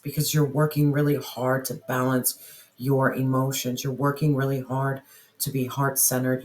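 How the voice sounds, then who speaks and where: A tarot reader giving an earnest reading straight to the listener, often repeating phrases and asking spirit questions aloud. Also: medium pitch. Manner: asks spirit questions aloud while drawing cards. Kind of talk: tarot reading addressed to viewers.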